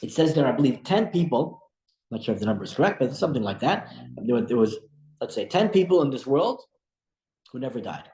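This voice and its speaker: A man teaching a religious study class as a rabbi, telling stories in an animated way with frequent restarts. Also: medium pitch, fairly quick. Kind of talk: storytelling religious lesson. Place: room at a breakfast study group. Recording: echoey room.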